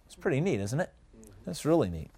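A man teaching a Bible study in a conversational way, often asking the listeners questions and pausing on "uh". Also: mid-range voice, big pitch swings, dark tone, breathy edge. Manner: conversational, asks the audience questions, frequent uh fillers.

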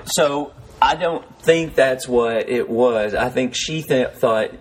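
A man's voice: mid-range voice, takes it slowly. Giggly needling male podcast co-host. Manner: laughing, needling, prone to giggles. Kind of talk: casual banter.

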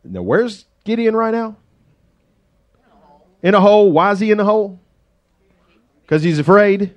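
A man's voice: high voice, big pitch swings, a little slow, pauses often. Joking, conversational male pastor preaching. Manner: conversational and joking, acts out quoted voices. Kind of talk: sermon.

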